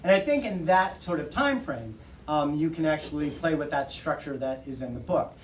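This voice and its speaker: A man in his forties, an author speaking casually to an audience at a bookstore, animated and laughing often as he acts out quotes. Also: a little high, moderate pace, a little hiss or hum. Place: bookstore event room. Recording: roomy audio from far off.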